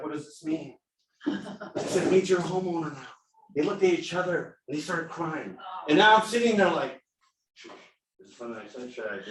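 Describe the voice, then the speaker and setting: A middle-aged man tells stories to a room of agents, acting out the quotes with lots of energy. His voice sits a bit high and sounds distant, picked up from across a reverberant meeting room. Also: slight background noise. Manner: animated storyteller, acts out quotes. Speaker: title company rep giving a sales seminar. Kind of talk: casual workshop talk. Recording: echoey room, mic at a distance.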